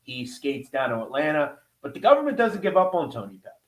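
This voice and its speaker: A man's voice: fairly high pitch, sing-song, brisk. A man hosting a podcast, telling history in a casual, conversational way, swearing now and then and checking in with listeners as he goes. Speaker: podcast host. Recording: roomy echo.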